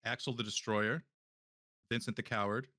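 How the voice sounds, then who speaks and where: A man playing a tabletop game, speaking in a wry, deadpan way. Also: medium pitch, moderate pace, no room sound. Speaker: player. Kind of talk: casual tabletop play.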